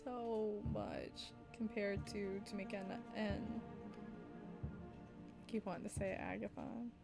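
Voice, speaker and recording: A woman's voice: mid-range voice, fairly even intonation, slow, vocal fry, over loud music. A woman streaming a story game, reading its narration and chatting casually with viewers, swearing and laughing.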